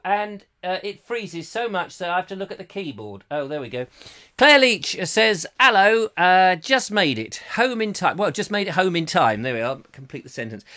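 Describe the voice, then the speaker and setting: Animated, jokey man. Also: a little high. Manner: chatty, jokey, theatrical emphasis, laughs at own jokes. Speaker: host reading live chat comments. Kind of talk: comic rambling live chat show.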